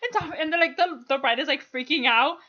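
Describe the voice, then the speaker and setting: Female podcast co-host, high and very bright voice, animated and laughing, slightly dull lo-fi sound. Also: a little fast. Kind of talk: casual chat. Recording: dull lo-fi audio.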